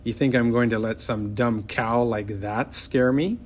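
A man's voice: mid-range voice, fairly even intonation, a little slow, lightly acted. A plainspoken country boy, as a man reading a storybook voices him, blunt and stubborn. He talks in a folksy, down-to-earth way.

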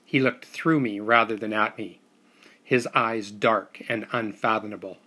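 Man narrating a story in a bright voice. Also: fairly low pitch, steady tone, measured pace, slightly rough. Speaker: audiobook narrator. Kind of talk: scripted first-person narration.

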